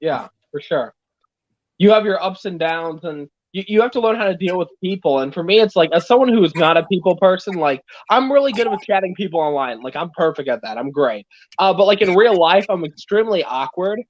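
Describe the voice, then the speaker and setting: A man on a livestream call in casual chat, telling workplace stories in a blunt, animated way. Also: sits high, fairly quick, no room sound. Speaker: livestream guest. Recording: dull lo-fi stream audio.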